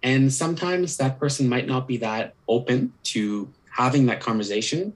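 A man's voice: medium pitch, moderate pace, low-quality recording. A young man, a counselor, earnestly explaining communication tips with examples on a podcast, with many "sort of" and "kind of" asides.

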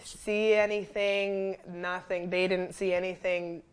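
A young woman, a fitness coach, telling a story in a casual interview, animated and full of fillers, who jumps loud and high when quoting herself. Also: slow, smooth. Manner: animated, lots of fillers, acts out quotes loudly. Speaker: fitness trainer and wellness coach, guest.

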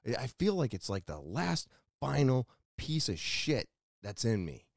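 A podcast host with a mid-range, sing-song voice and vocal fry speaks unhurriedly in a candid, self-critical solo monologue. He rambles and restarts, close on the mic in a small room with a dry sound.

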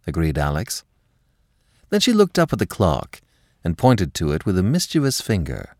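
A man narrating a classic story in a measured, expressive reading. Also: low-pitched, no echo, studio quality.

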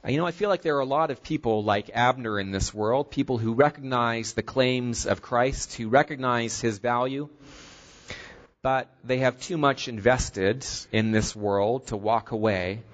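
A man preaching a sermon, earnest and steady, retelling a scripture story and drawing its lesson. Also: mid-range voice, normal speed.

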